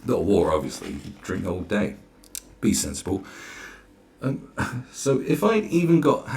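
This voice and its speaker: A man's voice: deep voice, very animated, unhurried, creaky, over music. A man ranting sarcastically through a reaction commentary, exasperated and swearing freely. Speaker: commentary vlogger.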